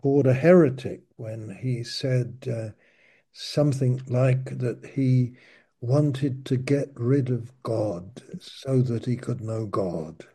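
A man gives informal Bible teaching in a slow, unhurried delivery. His voice is husky and mellow, and he often stops and restarts his phrases. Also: medium pitch. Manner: slow, halting, with many restarts and asides. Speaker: preacher.

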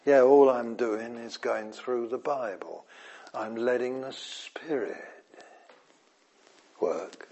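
A man's voice: medium pitch, slow pace, gravelly, pauses often. A man preaching an evening sermon. He shifts between emphatic repetition and near-whispers, chuckles, and checks whether his listeners follow him. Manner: animated, repeats phrases, drops to near whispers; chuckles and asks the audience if he makes sense.

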